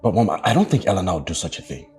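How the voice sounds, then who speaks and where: A young husband torn between wife and mother, pleading and conciliatory. His low voice moves a lot in pitch, with a Nigerian English accent, and music plays underneath. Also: sing-song, very fast, darkish tone. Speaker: husband and son.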